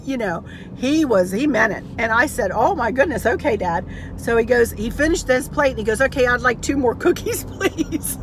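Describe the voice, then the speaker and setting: Chatty woman vlogging from a car. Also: on the high side. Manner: chatty, storytelling, acts out quotes. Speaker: craft channel vlogger. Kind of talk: casual car chat to viewers. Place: inside a car. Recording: noisy car interior. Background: car and road noise.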